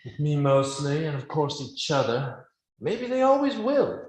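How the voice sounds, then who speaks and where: A man as a widowed father giving gentle advice, rambling and wry. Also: a little high, sing-song, a little slow. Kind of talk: film drama dialogue. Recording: echoey room.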